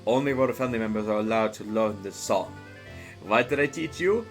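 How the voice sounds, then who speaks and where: Man doing a stern, hulking woman guardian, hushed and solemn, with a faint mock-Russian accent. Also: fairly low pitch, lively intonation, brisk, faint music behind, lightly acted. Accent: slight put-on Russian tint. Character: huge strong female warrior guardian, stern. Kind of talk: reading game dialogue aloud.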